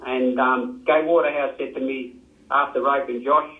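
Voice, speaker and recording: A man's voice: medium pitch, steady tone, normal speed. Older Australian man telling racing yarns. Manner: rambling, repeats himself, acts out quotes. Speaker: retired jockey and trackwork rider telling stories. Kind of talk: casual storytelling. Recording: echoey, tinny phone-like sound.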